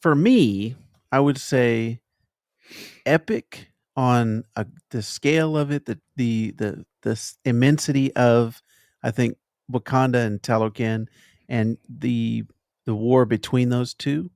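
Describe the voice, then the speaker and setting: A man hosting a podcast, chatting casually through a film review and pausing thoughtfully to find his words. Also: medium pitch, darkish tone, dry recording, studio quality. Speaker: podcast host.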